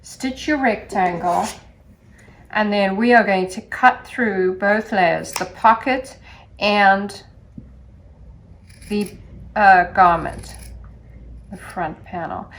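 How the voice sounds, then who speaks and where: A woman calmly walking through a sewing demonstration step by step, in a gentle sing-song teaching manner. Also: medium pitch, slow, long pauses, a little hiss or hum. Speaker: sewing instructor.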